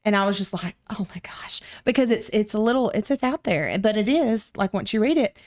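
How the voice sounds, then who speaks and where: Talking fairly quickly, a young woman appearing as a podcast guest recounts a story casually and with spirit, and her pitch jumps suddenly whenever she performs someone's words.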